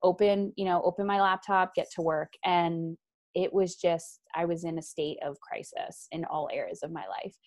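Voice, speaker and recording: A woman with a somewhat low speaking voice tells her own story as an interview guest. She talks frankly and with energy, with quick asides, and slips into other people's voices when she quotes them. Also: fairly even intonation. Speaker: guest, author. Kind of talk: candid personal storytelling in conversation. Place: lives in Ontario, Canada.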